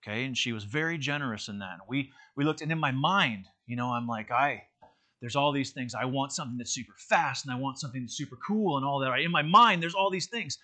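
A man's voice: medium pitch, fairly quick, pushed and bright. A man teaching an interactive church lesson in a conversational way, with many fillers and restarts.

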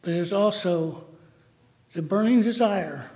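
A man preaching a sermon, halting often to restart and correct himself as he reads scripture and talks it through. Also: high voice, a little mellow. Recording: long hall reverb.

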